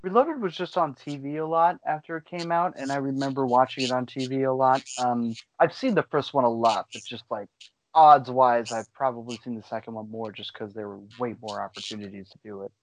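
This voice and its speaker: A man's voice: mid-range voice, low-quality recording. A man co-hosting a casual chat, joking and laughing often. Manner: jokey, laughs often, quick asides. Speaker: podcast co-host.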